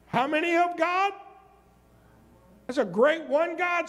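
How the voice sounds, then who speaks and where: A man's voice: extremely high pitch, expressive, a little slow, long pauses, fairly bright tone. A male pastor preaching a sermon, reading scripture and turning to the congregation with questions and asides. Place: church sanctuary. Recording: long hall reverb.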